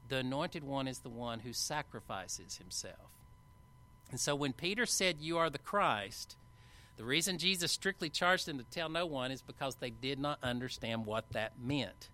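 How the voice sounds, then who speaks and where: A man preaching a sermon, retelling a Bible passage with animated, acted-out quotes and casual asides. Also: medium pitch, moderate pace. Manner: animated Bible storytelling, acting out quoted lines; conversational asides with fillers.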